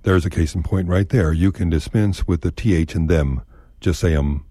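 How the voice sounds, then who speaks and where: Brief: Texan male radio storyteller, low mellow voice, wry and folksy. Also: moderate pace, dry recording, clean studio sound. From Texas. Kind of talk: scripted narration.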